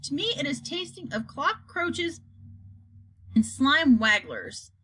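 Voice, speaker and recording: A woman's voice: sits high, sing-song, takes it slowly, fairly bright tone, voice pushed up, full character voice. A woman voicing a very old, kindly male giant who jumbles his words, in a storybook reading. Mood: gleeful. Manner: jumbled grammar, delighted, playful.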